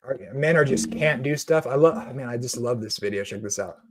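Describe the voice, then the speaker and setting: A man's voice: mid-range voice, brisk, heavy background noise. A man hosting a Christian video, ranting with passion and sarcasm about theology, then reading comments.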